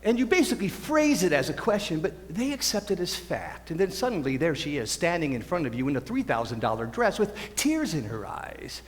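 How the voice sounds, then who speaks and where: A man's voice: a little high, very animated, a little fast, few pauses. A teenage actor playing a lonely, wistful man who confides in the audience in a rambling, self-interrupting way, in a school stage musical. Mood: confiding. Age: teens. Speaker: Man in Chair, narrator. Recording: stage mic in a reverberant auditorium.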